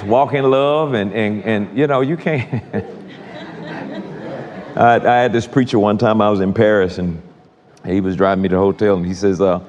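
A man preaching a sermon, chatty and repetitive, talking straight to his congregation. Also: lowish voice. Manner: conversational, repetitive, addresses congregation directly. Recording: long hall reverb.

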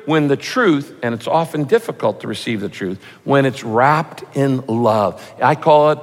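A man's voice: mid-range voice, lively intonation, measured pace, big-room sound. A man preaching a sermon as a pastor, with punchy rhyming lines and mock voices for his examples.

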